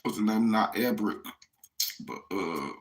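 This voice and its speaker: An American man with a lowish voice rambles through a casual monologue at a measured pace, sounding animated. He speaks straight to his listeners in profane, slangy street talk.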